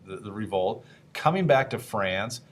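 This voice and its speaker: A man's voice: on the low side, lively intonation, measured pace. A man teaching a history lesson in a casual, conversational way, asking the class questions and briefly acting out historical figures.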